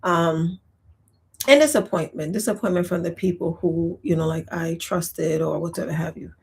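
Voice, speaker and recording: A woman's voice: fairly low pitch, moderate pace, gravelly, darkish tone, husky. A woman in her thirties chatting to camera in a casual, reflective way, laughing often and using many fillers. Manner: talks while eating and sipping. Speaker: vlogger.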